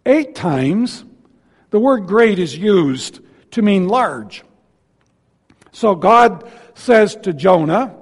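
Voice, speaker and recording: A high-pitched man delivers a sermon in a church sanctuary, his voice trailing off in a long hall reverb. He talks in a folksy way and drops joking asides between his points. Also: lively intonation, drawn-out words, pauses often, husky. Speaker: guest preacher.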